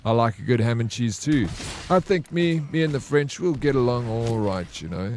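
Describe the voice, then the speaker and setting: A man's voice: medium pitch, animated, normal speed, darkish tone, a little hiss or hum. Joking South African man streaming games. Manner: joking, teasing banter, greets and thanks viewers. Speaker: variety streamer. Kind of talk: casual live-stream chat while gaming.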